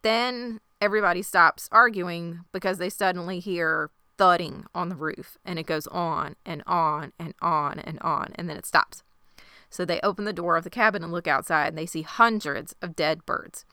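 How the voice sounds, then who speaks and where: A woman's voice: on the low side, normal speed, pushed and bright, clean tone, no room sound. A woman hosting a podcast, recapping an episode in a wry, sardonic way. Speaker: podcast host. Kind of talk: casual recap chat.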